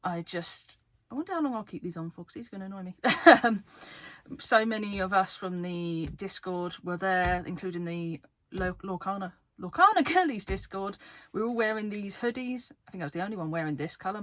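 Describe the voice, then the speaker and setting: A woman card game YouTuber from the UK, talking fast and excitedly to camera in a casual vlog, laughing often. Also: on the low side, no echo. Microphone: camera facing her.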